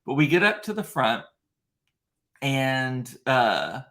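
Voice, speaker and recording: A man's voice: medium pitch, big pitch swings, slow pace, vocal fry, fairly bright tone. A man hosting a casual livestream from his computer, telling a long story with lots of fillers, restarts and emotion. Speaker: livestream host. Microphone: computer mic in front of a ring light.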